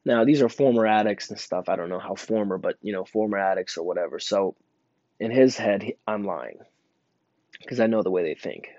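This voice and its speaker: Speaking briskly with lively intonation, a young man who works in a store rattles off a rambling work story crowded with fillers and restarts. His voice is on the low side with a darkish tone, and the recording is dull, dry and lo-fi.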